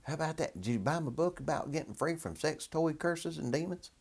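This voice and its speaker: A man's voice: a little high, lively intonation, a little fast, voice pushed up. A man putting on a mocking impression of a boastful male preacher, in an exaggerated accent and a preening, sarcastic manner. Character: boastful, self-important male preacher, mocked.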